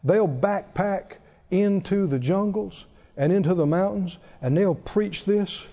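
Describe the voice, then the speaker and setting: A male pastor delivers an emphatic sermon, his voice pitched high but dark and mellow in tone. He leans hard into key phrases. The recording sounds dull and lo-fi. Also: unhurried.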